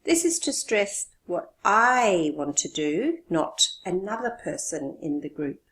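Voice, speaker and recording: Slow, expressive woman teaching English. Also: mid-range voice. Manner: slow, deliberate, stresses key words. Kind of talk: scripted lesson explanation.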